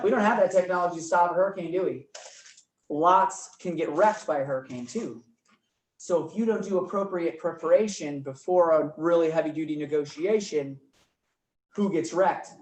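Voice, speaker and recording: A man teaching a real estate class, energetic and often quizzing his students. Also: a little high. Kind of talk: live classroom training talk. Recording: roomy room, mic from far off, faint noise.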